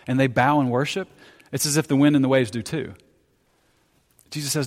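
Male pastor, animated storytelling sermon, mid pitch, long church reverb. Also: normal speed. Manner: animated storytelling preacher, self-deprecating humor. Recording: reverberant hall.

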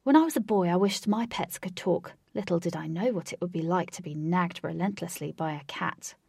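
A woman's voice: fairly low pitch, brisk, vocal fry, darkish tone, breathy edge, dry recording, studio quality. A woman voicing a teasing young man who jokes with his friends in a storybook reading. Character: teasing young male leader with a pet cat.

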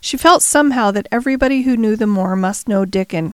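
A woman narrating a classic novel chapter in a measured storytelling manner. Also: fairly high pitch, clear, resonant tone, dry recording. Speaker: audiobook narrator. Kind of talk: scripted narration.

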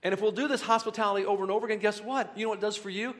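Male pastor, high voice, mid-sermon in a large echoing hall; conversational, building to emphatic repetition. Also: steady tone, very fast, a bit bright. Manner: conversational, rising to emphatic bursts with repeated phrases. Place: large hall with a live congregation.

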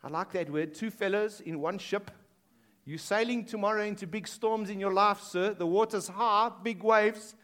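A pastor with a high voice delivers a sermon in a school hall at normal speed, alternating between loud, emphatic lines and quiet, quoted passages.

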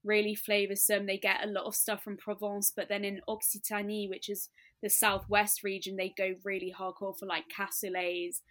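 A woman's voice: mid-range voice, monotone, normal speed, a bit bright. A young woman co-hosting a podcast, chatting enthusiastically and rambling a little about food. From France. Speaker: podcast co-host. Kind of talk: casual chat.

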